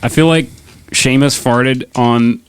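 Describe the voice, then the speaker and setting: A man's voice: medium pitch, steady tone, slow pace, smooth. A man playing in a tabletop game, chatting casually and joking, with a lot of "like" in his talk. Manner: joking, full of "like". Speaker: player.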